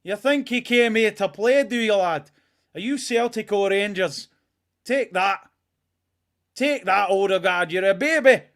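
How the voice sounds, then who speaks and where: A man's voice: sits high, unhurried, a bit bright. A man voicing a mocking Scottish football man who taunts a player in a put-on Scottish accent. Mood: taunting.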